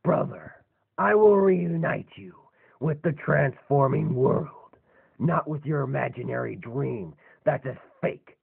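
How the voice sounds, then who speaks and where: A man's voice: mid-range voice, expressive, slow, vocal fry, husky, full character voice. A man voicing a scheming, boastful male robot villain in a fan robot drama, speaking in a gloating, menacing way. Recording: tinny lo-fi phone-like recording.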